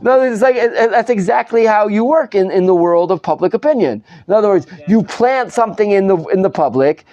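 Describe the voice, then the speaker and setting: Animated male rabbi teaching a class. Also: sits high, fairly quick, few pauses, dull audio. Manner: animated, dramatizes the text, frequent restarts. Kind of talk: live Bible study lecture. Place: study hall with students.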